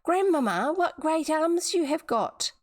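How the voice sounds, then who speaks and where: A woman with a New Zealand accent voicing an innocent little girl, pitching her voice well up and asking slowly in wonder. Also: sing-song. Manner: high, slow, wide-eyed questioning.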